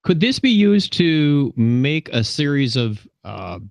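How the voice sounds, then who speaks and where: A man's voice: on the high side, very animated, takes it slowly, gravelly, no room sound, clean studio sound. A man co-hosting a tech webinar over a web call, asking follow-up questions and checking that he has understood. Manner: inquisitive, checks his understanding. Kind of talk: webinar discussion.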